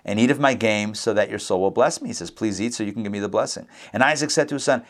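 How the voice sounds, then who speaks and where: A man leads a lively scripture lesson for a class. He keeps breaking into character voices that leap up in pitch, then settles back into casual remarks to his listeners. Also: quick pace, few pauses. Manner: acts out the characters' lines with big pitch jumps; chatty asides to the class. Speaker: rabbi teaching Torah class.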